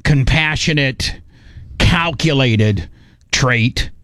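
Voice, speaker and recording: A man in casual conversation, telling a lively story and acting out what others said. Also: mid-range voice, very slow, no room sound, clean studio sound. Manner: animated, acts out quotes of others. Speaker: guest recounting a trial.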